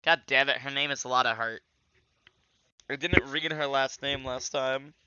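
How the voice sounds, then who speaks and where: A man's voice: medium pitch, fairly even intonation, unhurried, lo-fi sound, background noise. A young man casually commenting on a game he is playing, making jokes and chuckling at his own asides. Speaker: Let's Play host.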